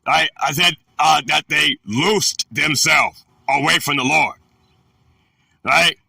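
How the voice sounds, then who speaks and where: A man teaching a Bible word-study lesson, talking haltingly with many filler pauses. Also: on the high side, creaky, bright, forceful tone, dry recording, studio quality, distant mic.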